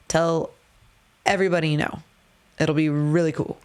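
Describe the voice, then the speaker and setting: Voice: medium pitch, little pitch movement, moderate pace, a little mellow, clean tone. A podcast host in casual chat about a comedy show they are producing, joking and laughing often. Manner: chatty, laughs often, jokey.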